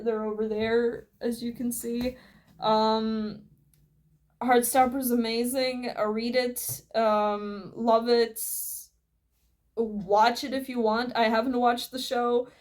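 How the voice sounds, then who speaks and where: Brief: fairly high-voiced woman, rambling casual vlogger, swears freely, recorded at home on a camera mic. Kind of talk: casual show-and-tell vlog.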